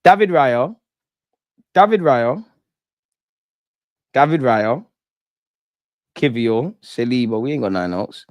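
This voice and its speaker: Hosting a live post-match reaction stream for a football fan channel, a young man rants with excitement, slang and swearing, and reads chat aloud. His voice is mid-range and he speaks slowly, pausing often, in a dry, close recording.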